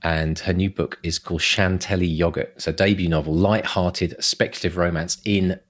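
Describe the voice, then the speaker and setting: A man with a very deep voice hosts a podcast with upbeat enthusiasm. He introduces new segments and cheers on listeners in a casual tone. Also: fairly even intonation, normal speed. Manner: enthusiastic, repeats "brilliant stuff". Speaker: podcast co-host.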